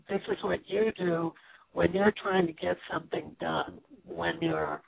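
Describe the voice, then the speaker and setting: A woman guest on a radio interview, calmly explaining step by step over a tinny phone line. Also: fairly low pitch, gravelly, breathy edge, no echo. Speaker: guest expert.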